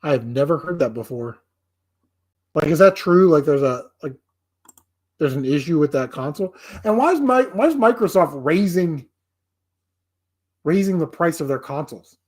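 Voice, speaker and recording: A man's voice: on the high side, expressive, moderate pace, pauses often, a little mellow, slightly rough. A man hosting a casual live stream, rambling, swearing and making fun of himself. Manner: rambling, profane, self-deprecating. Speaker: livestream host.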